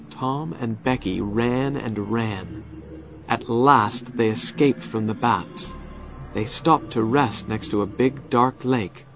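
A man narrating a children's storybook in a slow, clear and expressive way. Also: medium pitch, slight background noise.

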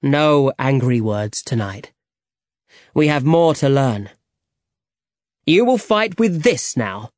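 A storybook narrator voicing an older male mentor who speaks calmly and instructively. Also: medium pitch, takes it slowly, pauses often, dry recording. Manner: calm, instructive.

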